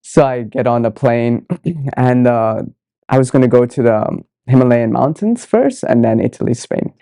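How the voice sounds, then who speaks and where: A man recounting his own story on a podcast, earnest and reflective, slipping into the voices of the people he quotes. His voice is mellow and gravelly, and the sound is dry and close. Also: medium pitch, lively intonation, normal speed, no echo. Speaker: podcast guest, monk. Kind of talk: storytelling in an interview.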